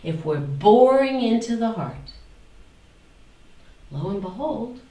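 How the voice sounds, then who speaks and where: A woman's voice: a little high, animated, takes it slowly, warm tone, roomy sound, recorded from a distance, rough recording. A woman teaching a spiritual talk to a small group, asking them questions and repeating phrases in a singsong.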